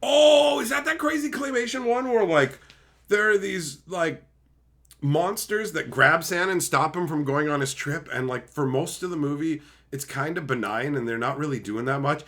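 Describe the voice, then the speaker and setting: A man hosting a casual livestream, chatting with viewers in a profane, animated way and slipping into quick silly impressions. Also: a little high. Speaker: livestream host. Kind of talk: casual livestream chat, reading viewer messages.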